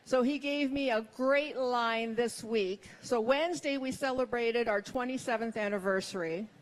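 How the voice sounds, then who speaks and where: Woman, middle-aged, stand-up comic, wry, self-mocking, fairly high voice. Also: normal speed. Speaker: stand-up comedian. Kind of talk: stand-up comedy set.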